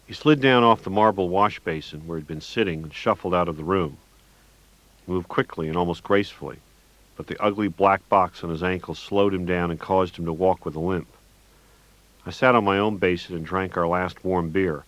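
A man with a very low voice reads a first-person story, dry and wry, then turns loud and manic in his own lines of dialogue. The recording is close and dead, with no room sound. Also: fairly quick, no room sound, poor audio. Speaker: audiobook narrator. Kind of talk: first-person audiobook narration.

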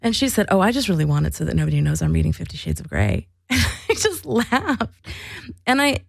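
A woman's voice: fairly low pitch, creaky, no echo, studio quality. A woman talking frankly in a casual monologue, telling stories and laughing often.

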